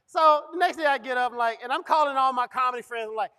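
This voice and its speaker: A man's voice: very high voice, fast, clear, resonant tone. A middle-aged male comedian telling a funny story on stage, acting out both sides of the conversation. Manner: animated, acts out dialogue. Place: event stage.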